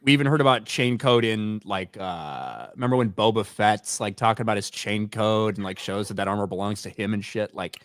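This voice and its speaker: A man's voice: lowish voice, brisk, hardly any pauses, no room sound, clean studio sound. A man co-hosting a livestream chat, talking in a hesitant, rambling way with many restarts. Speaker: co-host.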